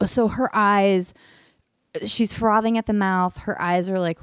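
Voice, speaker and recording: A woman telling a story in casual podcast chat, lively and swearing freely, acting out what she said back then. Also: mid-range voice, slow, smooth, no room sound, studio quality. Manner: animated, swears freely, acts out her own screams and quotes.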